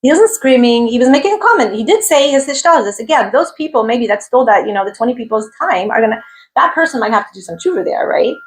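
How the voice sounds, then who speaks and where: A woman teaching the weekly Torah portion in a lively, questioning way, sprinkling in Hebrew terms and acting out the figures' voices. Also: on the high side, fast, poor audio.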